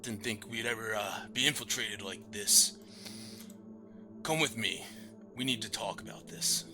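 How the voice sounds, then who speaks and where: A man's voice: on the low side, unhurried, music in the background, natural voice. A man voicing a stern half-orc leader with an eye patch and a cybernetic arm.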